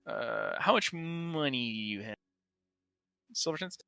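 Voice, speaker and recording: A man's voice: medium pitch, animated, unhurried, vocal fry, bright, forceful tone, no room sound, soft background music. A man running a tabletop game as game master, narrating casually with frequent swearing and hesitations.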